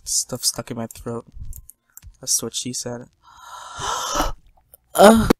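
A man's voice: medium pitch, monotone, measured pace, noisy background. A man giving jokey let's-play commentary, talking to his viewers and teasing himself as he plays. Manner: joking, self-mocking, talks to viewers. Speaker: gaming commentator.

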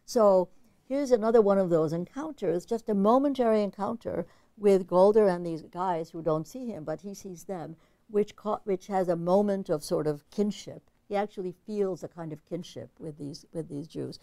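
A woman's voice: medium pitch, normal speed, creaky, mellow, no room sound. A woman giving an academic literature lecture in an analytical, conversational way, thinking aloud as she goes.

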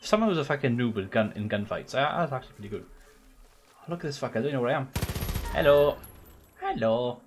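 A man's voice: mid-range voice, lively intonation, very fast, slight background noise. A young man streaming a video game, joking, swearing and chatting to his viewers. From Wales. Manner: sweary, joking, talks to chat. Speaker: gaming streamer. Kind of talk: casual let's-play commentary.

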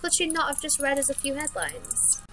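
A woman's voice: high voice, big pitch swings, normal speed, bright, forceful tone, slight background noise, low-quality recording. Giggly woman playing a game. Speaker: let's play host. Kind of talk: casual gameplay commentary.

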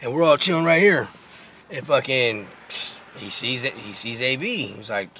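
A man's voice: medium pitch, moderate pace, slightly rough. A profane man telling neighborhood stories. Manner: profane, laughing, animated storytelling. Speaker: vlogger giving a neighborhood tour. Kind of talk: casual storytelling while driving. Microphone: phone camera.

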